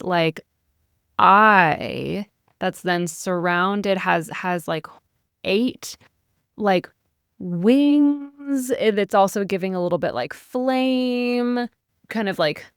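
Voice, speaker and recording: A woman's voice: lowish voice, clean tone, no echo, clean studio sound. A woman hosting a podcast, chatting casually and describing things loosely with "uh" and "like". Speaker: podcast host. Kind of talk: casual interview chat.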